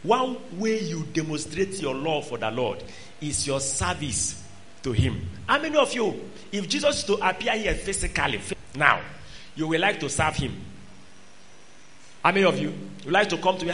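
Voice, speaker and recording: A man preaching to a congregation. His voice sits high and bright for a man. He is emphatic, rising to loud exhortation and dropping to quiet asides. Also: big pitch swings, moderate pace, a little hiss or hum. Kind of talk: sermon.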